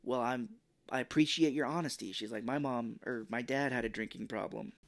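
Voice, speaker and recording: A podcast co-host animatedly retells a movie plot, acting out the characters' lines and swearing freely. His mid-range voice moves fairly quickly, with some vocal fry.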